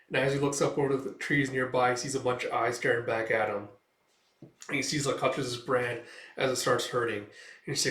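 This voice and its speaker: A man's voice: medium pitch, fairly even intonation, moderate pace, a bit bright. A man casually narrating a comic read-through in a loose, rambling way. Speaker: manga reader and commentator. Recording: echoey room, distant mic.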